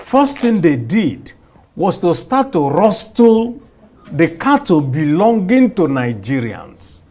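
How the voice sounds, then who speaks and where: A man giving political commentary in an interview clip, speaking slowly and deliberately. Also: fairly high pitch, very animated, mellow.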